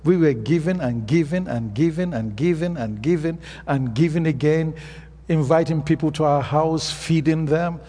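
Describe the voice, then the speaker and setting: A man's voice: on the high side, normal speed, warm tone. A man with an African accent, a pastor preaching a sermon and telling stories in a plain, earnest way. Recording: long reverb of a hall.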